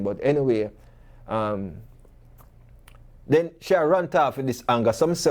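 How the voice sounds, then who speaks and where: A man with a slightly high voice and a Jamaican accent hosts a talk show, speaking at a normal pace. His monologue is packed with rhetorical questions and vivid stories in patois.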